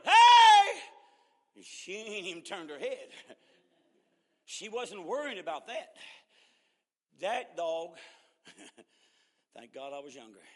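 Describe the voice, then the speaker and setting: A man preaching a revival sermon, telling stories with laughs and climbing into shouted calls to the congregation. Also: high voice, in a large hall. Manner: storytelling with laughs, rising to shouted exhortation. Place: church.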